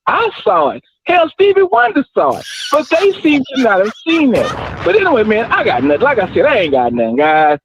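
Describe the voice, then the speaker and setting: A man's voice: very high-pitched, huge pitch swings, brisk, background noise. A man calling in to a sports talk show from his car, rambling in an easygoing way. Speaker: caller. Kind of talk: phone call into a talk show. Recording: dull phone line.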